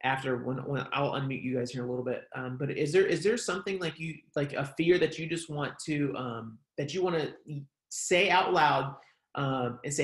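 A man's voice: fairly high pitch, a little fast, a bit bright, roomy sound. A man preaching a casual online sermon, talking conversationally with lots of "like" and "um". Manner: conversational, many fillers like "like" and "um". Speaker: pastor.

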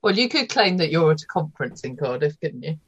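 A woman's voice: low-pitched, very animated, fast, a bit bright, breathy edge, no echo, highs cut off. A woman chatting as a player at the game table, teasing and joking.

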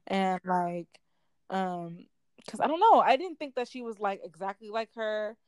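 A woman's voice: medium pitch, a little slow, no room sound. Chatty young woman podcaster, dry sound. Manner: excitable, laughing, trails off and restarts. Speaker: podcast co-host. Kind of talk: casual chat.

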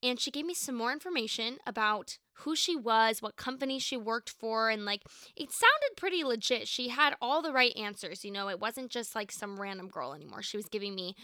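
Bright-voiced chatty nineteen-year-old woman. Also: fairly high pitch, normal speed, no room sound, clean studio sound. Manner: chatty, animated, lots of "like" and quoted dialogue. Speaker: podcast host. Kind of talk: casual storytelling.

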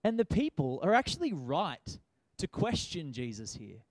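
Lively man preaching. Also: on the high side, moderate pace, no room sound. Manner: lively, conversational, asks rhetorical questions. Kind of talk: sermon.

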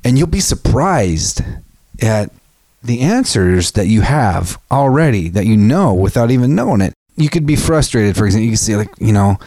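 A man with a lowish voice, talking in a loose, rambling way and swearing freely as he gives creative advice. The sound is dry and close, with no room echo. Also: big pitch swings, normal speed, mellow. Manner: rambling, profane and earnest. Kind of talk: casual talk to camera.

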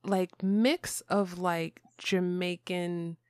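Woman hosting a podcast, low smooth voice, takes her time, dry sound. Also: level tone, a little mellow, dry recording. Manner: measured, thoughtful questions with fillers. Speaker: podcast host. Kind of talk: casual interview chat.

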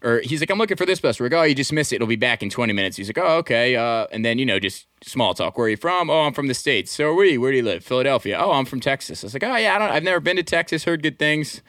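A young man chatting casually on a podcast, his pitch swinging widely as he acts out the people in his story. His voice sits in the middle range and sounds dry and close, with no room around it. His talk is loose and full of fillers. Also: very fast, hardly any pauses, no echo. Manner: animated storytelling, acting out quoted voices; filler-heavy, says "like" and "dude" a lot. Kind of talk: casual chat.

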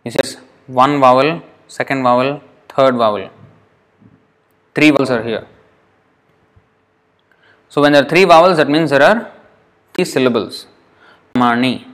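A man teaching Sanskrit pronunciation to a class, patient and repetitive, drawing words out slowly to demonstrate them. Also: mid-range voice, fairly bright tone. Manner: patient, repeats words slowly to show how they sound.

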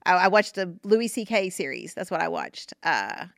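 A woman hosting a podcast, talking casually and gently about grief, reassuring listeners with lots of fillers and restarts. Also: fairly low pitch, animated, normal speed, gravelly, dry recording, studio quality. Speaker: podcast host.

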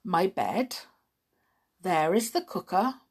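A woman voicing a down-and-out male hospital porter who slurs his words, read slowly with a lively pitch. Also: husky, exaggerated voice. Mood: weary. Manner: slurred, mild.

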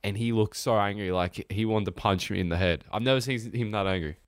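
A young man, co-hosting a podcast in a rambling, excitable chat full of restarts and swearing. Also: fairly low pitch, brisk, smooth, no echo. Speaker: podcast co-host. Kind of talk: casual chat.

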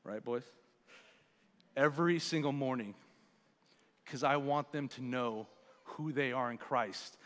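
A man's voice: medium pitch, slow, pauses often. Guy in his 40s preaching in church, easygoing talky sermon, long hall echo, mid voice. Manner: conversational preaching, quieting for prayer. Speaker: pastor. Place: church sanctuary.

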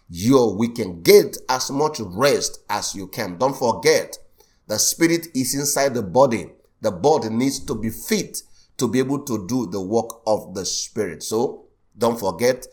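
A man preaching a sermon, emphatic and repetitive, often breaking in with praise. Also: fairly low pitch. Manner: emphatic, repeats phrases and says "Praise God" often. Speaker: pastor.

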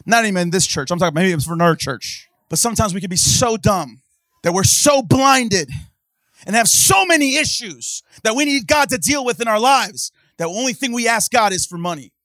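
A man preaching a sermon in church, swinging from hushed talk to impassioned shouting and calling out to the congregation. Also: sits high, expressive, fairly quick, no echo, clean studio sound. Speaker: pastor.

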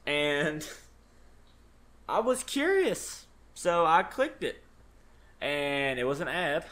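A man's voice: fairly high pitch, very animated, takes it slowly, a bit bright. A young man, a podcast co-host, telling a rambling story in casual chat and swearing freely.

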